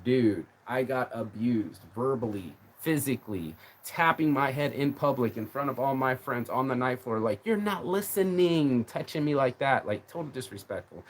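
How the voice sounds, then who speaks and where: A man's voice: medium pitch, moderate pace, few pauses. A man ranting on a live stream in a rambling, emotional way, swearing often and repeating his words. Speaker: livestreamer. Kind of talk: casual rant on a live stream.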